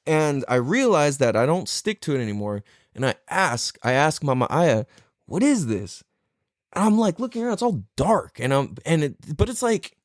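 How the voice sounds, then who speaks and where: A man tells a story in a loose, profane podcast monologue, laughing as he goes. His voice sits a bit high and swings widely in pitch. The sound is dry and close. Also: no room sound. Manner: profane, laughing, animated retelling. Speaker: podcast host.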